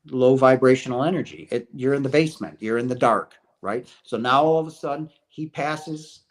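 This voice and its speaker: A man's voice: medium pitch, normal speed. Earnest preachy middle-aged man. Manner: earnest and preachy, repeats phrases, asks "right?". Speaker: host of a chat stream. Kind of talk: spiritual talk to viewers.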